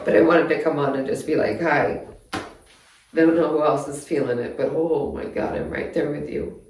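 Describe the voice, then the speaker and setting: A woman vlogging a frustrated, rambling life update outdoors in her yard at night, talking haltingly and upset. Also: low-pitched, fairly even intonation, darkish tone. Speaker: DIY vlogger. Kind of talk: emotional life-update vlog. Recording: echoey, distant from the mic.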